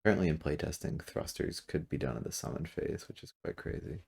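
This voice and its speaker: A man commentating his own game at his computer, thinking out loud, correcting himself and trailing off with fillers, seated a little back from a desk mic. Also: very deep voice, creaky, husky. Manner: musing, self-correcting, halting with fillers. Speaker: gameplay commentator. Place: room at a computer. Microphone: desk mic, sitting back from it.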